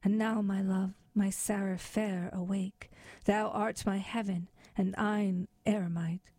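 A woman voicing an ardent young male lover in a slow, tender poetry reading. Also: mid-range voice, little pitch movement, warm tone, no echo. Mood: pleading.

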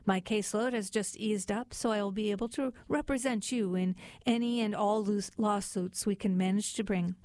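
A woman voicing a smooth, scheming male fox lawyer in a storybook, with slick sales patter. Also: mid-range voice, fairly even intonation, normal speed, few pauses, a little mellow, dry recording, lightly acted.

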